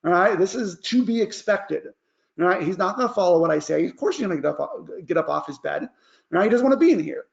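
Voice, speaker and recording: A man's voice: high voice, expressive, fast, gravelly, highs cut off. A man who works as a life coach gives a casual parenting advice lesson and keeps checking in with "all right?".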